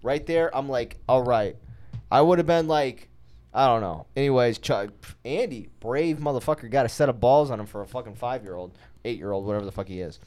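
A man's voice: medium pitch, a little fast, a little mellow. A man recapping a horror movie in loose, profane casual chat as a podcast co-host.

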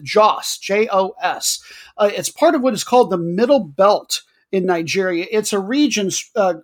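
A man hosting a podcast, talking casually through football stats with wry, chatty asides. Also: high voice. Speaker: podcast host.

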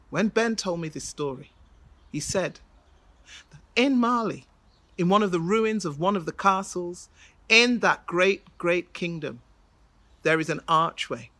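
Bright-voiced storyteller, a man. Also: high voice, no room sound. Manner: measured, rhythmic phrasing. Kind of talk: live folk-tale storytelling.

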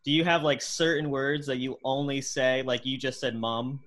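A man's voice: mid-range voice, fairly even intonation, normal speed, fairly bright tone. A man hosting a casual interview show, asking friendly, rambling questions. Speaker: show host.

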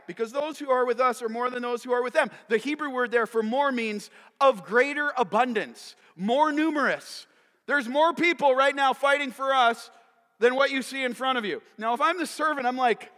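A man preaching a sermon as pastor, swinging from hushed whispers to loud shouts and acting out characters playfully. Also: extremely high pitch, lively intonation, moderate pace. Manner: dynamic preaching, dropping to whispers and rising to shouts; acts out characters in playful voices. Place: church sanctuary. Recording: long reverb of a large hall.

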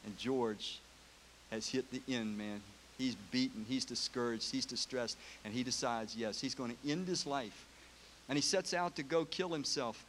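A preacher giving a sermon, retelling a film story in an emotional, casual way. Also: male voice, mid-range voice, normal speed, a bit bright, a little hiss or hum.

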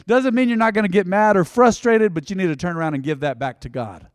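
A middle-aged male pastor giving a conversational sermon, dropping to a near hush and then surging loud. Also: high-pitched, lively intonation, fairly quick, no room sound, studio quality.

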